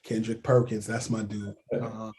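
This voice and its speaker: A man telling stories as a sports journalist guest on a casual podcast, animated and full of "like" and "yo". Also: fairly low pitch, measured pace, slightly rough.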